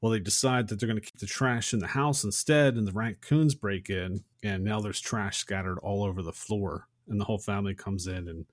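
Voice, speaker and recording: Low guy on a movie podcast retelling a scene, dry close sound, acts out the lines. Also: brisk, few pauses, no echo. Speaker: podcast co-host. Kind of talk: casual movie recap.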